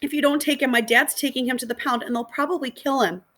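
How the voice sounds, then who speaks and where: A woman's voice: high-pitched, fairly even intonation, fast talker, sharp tone, pitched above the performer's own voice. A woman reading aloud, voicing a frightened young girl who tearfully pleads for someone to take her puppy. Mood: tearful pleading.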